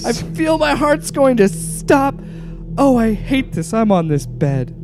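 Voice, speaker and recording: A frightened little girl pleads and whimpers in a high, swooping voice, with breathless, childlike cries for help, as a woman puts her on. The voice is pitched well above the performer's own and is read aloud on a podcast, with music playing behind. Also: sing-song, takes it slowly. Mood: terrified. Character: terrified five-year-old girl, pleading and whimpering.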